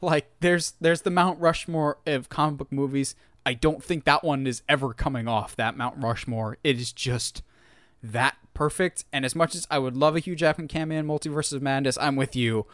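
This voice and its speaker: Man, casual podcast chat, animated storyteller, smooth voice, dry close sound. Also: fairly high pitch, normal speed, no echo. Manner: animated storytelling, acts out quotes. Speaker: podcast co-host.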